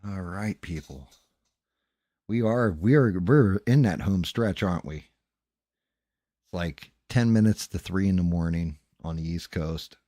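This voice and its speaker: A man's voice: low voice, slow, pauses often, warm tone, dry recording, clean studio sound. A man hosting a late-night livestream, chatting loosely with frequent swearing and thanking viewers by name. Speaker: livestream host.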